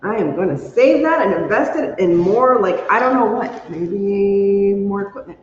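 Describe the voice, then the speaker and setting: A chatty woman hosting a crafting livestream, talking along as she works and squealing high whenever something thrills her. Her voice sits in a roomy space with a long ring after each phrase. The sound is a bit dull and lo-fi, with a faint hum underneath. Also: normal speed. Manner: chatty, excitable, squeals when delighted. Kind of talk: casual livestream chat while crafting.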